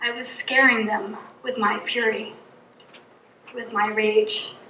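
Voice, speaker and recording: High-voiced middle-aged woman in an echoey hall. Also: flat delivery, takes it slowly, pushed and bright, recorded from a distance, slight background noise. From New England. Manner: earnest, storytelling delivery with vivid lists. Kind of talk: personal reflection from a pulpit. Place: church hall.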